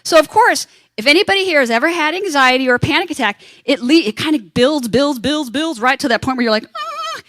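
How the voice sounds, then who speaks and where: A woman telling a lively anecdote to a convention panel audience, acting out the voices of the people in her story. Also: sits high, quick pace, few pauses, dry recording, studio quality. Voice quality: animated, acts out quoted voices. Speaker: panel speaker.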